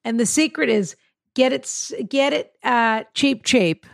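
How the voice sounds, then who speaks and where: Woman podcast host, fairly high voice, gravelly, dry close sound, playful and teasing. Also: unhurried, dry recording. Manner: playful, teasing asides while reading. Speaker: podcast host answering listener advice emails. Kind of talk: casual chat, reading a listener email aloud.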